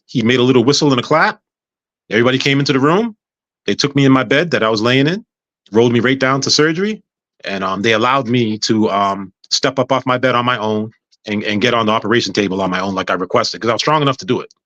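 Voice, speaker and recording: A man's voice: medium pitch, fast talker, no echo, muffled recording. A man speaking as a guest on a podcast, telling a personal story casually and acting out what other people said. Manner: animated, acts out other people's words.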